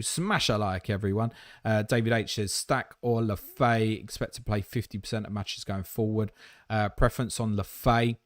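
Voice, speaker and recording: Blunt low-voiced man hosting. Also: no room sound, studio quality. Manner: blunt, jokey, reads viewer questions aloud. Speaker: livestream host answering viewer questions. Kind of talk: fast casual livestream Q&A.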